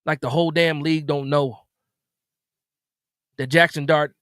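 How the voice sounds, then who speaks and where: A man's voice: on the high side, steady tone, unhurried, a bit bright, no room sound, studio quality. A man hosting a live post-game reaction stream, upset and stammering with repeated words as he vents. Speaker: sports stream host.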